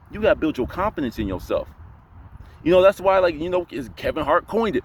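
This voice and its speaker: A young man giving casual voice advice to camera, emphatic and full of rhetorical questions, sometimes dropping into a deep voice to demonstrate. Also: very animated, brisk, husky. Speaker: voice coach vlogger.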